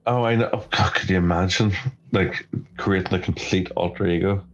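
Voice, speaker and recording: A man's voice: deep voice, fairly even intonation, normal speed, muffled recording. A man guest-hosting a casual podcast chat, playful and teasing as he asks questions, speaking into his phone. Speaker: guest host.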